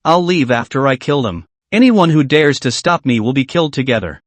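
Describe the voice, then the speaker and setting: A man's voice: mid-range voice, lively intonation, brisk, dry recording, close to an everyday voice. A man voicing an arrogant young swordsman who makes cold, indifferent threats.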